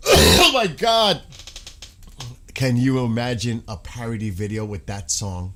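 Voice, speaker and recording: A man's voice: medium pitch, very animated, slow pace, bright, forceful tone. A man hosting a live stream, chatting casually with viewers, laughing often and breaking into bits of song. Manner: laughing, rambling, breaks into sung snippets. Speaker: livestream host.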